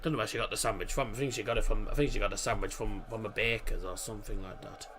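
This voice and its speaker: A man's voice: on the low side, steady tone, quick pace. A man hosting a live football watchalong stream, chatting casually in a rambling way and cracking corny jokes at his own expense. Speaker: football watchalong livestream host. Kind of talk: casual live match chat.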